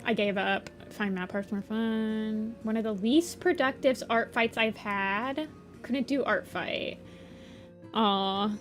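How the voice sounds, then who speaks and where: A woman's voice: a little high, steady tone, slow pace, soft background music. A woman chatting casually on a livestream while she draws, reading chat messages aloud and answering them. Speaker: art streamer.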